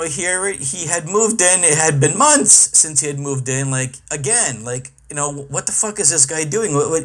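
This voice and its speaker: A middle-aged man hosting a podcast, ranting in a profane, exasperated comic monologue. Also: a little high. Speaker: podcast host and comedian.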